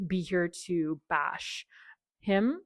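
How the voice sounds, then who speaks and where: A woman in her thirties, a podcast guest telling a personal story in a candid, animated way, acting out quoted dialogue and saying "like" often. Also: on the low side, very slow, no echo, clean studio sound.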